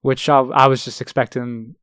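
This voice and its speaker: Lively young English man telling stories. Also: medium pitch, normal speed, smooth, dry recording, studio quality. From England. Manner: animated, acts out quotes loudly with laughter. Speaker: actor guest. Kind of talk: casual storytelling chat.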